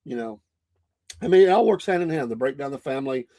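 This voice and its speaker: With a warm, mid-range voice, lively intonation and a fast pace, a middle-aged man with a Southern American accent rambles casually through his podcast monologue, full of fillers and false starts.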